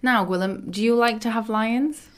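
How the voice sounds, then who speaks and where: Lady teaching mandarin on a podcast, says the words slow and clear then chats about them. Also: on the high side. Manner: explains brightly, repeats Mandarin words slowly and clearly. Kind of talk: language lesson podcast.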